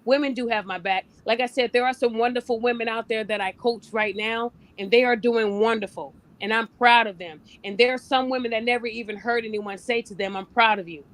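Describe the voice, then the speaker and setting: A woman's voice: on the high side, a little fast, few pauses. A woman hosting a podcast and coaching relationships, talking bluntly and casually, often acting out the people she quotes. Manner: blunt, animated, acts out quoted voices.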